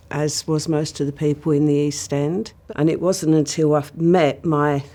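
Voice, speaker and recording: A woman with an East London accent tells her story in an interview. Her voice is mellow and dark, and her delivery is calm and measured. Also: sits low. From East End of London.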